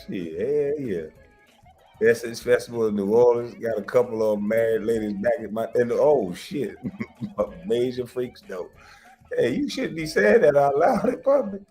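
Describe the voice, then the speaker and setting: A man's voice: mid-range voice, lively intonation, a little slow, faint music behind. A man telling wild stories in a casual chat, laughing often and swearing freely. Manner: loud, laughing, swearing storyteller. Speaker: show host.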